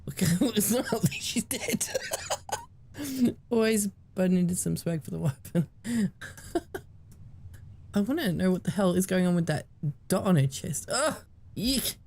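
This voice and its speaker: Husky woman in giggly game chatter. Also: on the low side, animated, a little mellow. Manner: giggly, quick-talking reactions. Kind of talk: casual gaming commentary.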